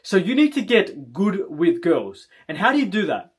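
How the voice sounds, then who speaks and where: A man with a noticeably high-pitched voice gives a forceful self-improvement talk to camera. He speaks bluntly and emphatically, swears freely, and keeps checking in with a quick "right?". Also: sing-song.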